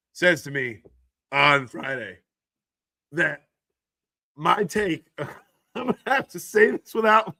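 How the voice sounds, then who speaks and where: A hoarse man hosting a casual live stream about football news, excitable and laughing often as he reads the chat aloud. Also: fairly high pitch, no echo, clean studio sound. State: hoarse from screaming.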